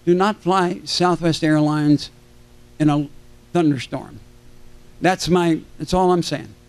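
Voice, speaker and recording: An older man with a fairly high speaking voice tells stories from a convention stage. He performs the people in his tales as he goes, and his delivery keeps swinging with the story. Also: slow, smooth, dry recording. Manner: animated anecdotes, acting out quoted voices. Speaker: convention panel guest. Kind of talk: storytelling to a live audience.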